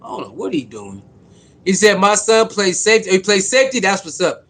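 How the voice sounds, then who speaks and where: A man with a high-set voice chats casually on a live stream. His talk is loose and slangy. He greets viewers by name and repeats his points. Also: sing-song, fairly quick, a bit bright.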